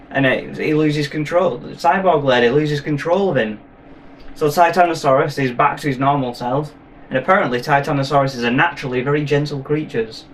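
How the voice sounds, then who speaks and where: A man recapping a film in a rambling, profane, jokey way. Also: medium pitch. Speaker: film reviewer. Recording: voice from a distance, faint noise.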